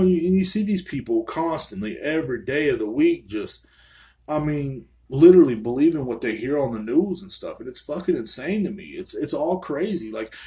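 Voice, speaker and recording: A podcast host with a fairly high, mellow voice rants angrily on a solo show, swearing constantly from a small room.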